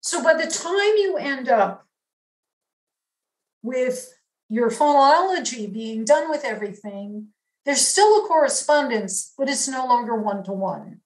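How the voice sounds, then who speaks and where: A woman with a New York accent delivers an academic lecture, explaining each point in a measured way and stressing key terms. Her voice sits a little high, and she speaks slowly. The sound carries a noticeable room echo. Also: lively intonation.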